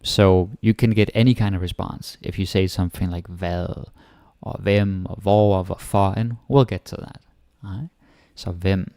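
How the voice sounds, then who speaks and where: A man from Denmark with a Danish accent, teaching Danish grammar in a casual lesson and repeating example phrases slowly. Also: low voice, steady tone, dark tone, no echo, clean studio sound. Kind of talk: casual online language lesson.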